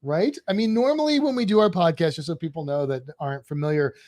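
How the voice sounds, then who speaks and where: A man's voice: a little high, fast talker, darkish tone. A man co-hosting a podcast live stream, chatting casually, joking and reading out chat comments. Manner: rambling, jokey, reads chat aloud. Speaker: podcast co-host.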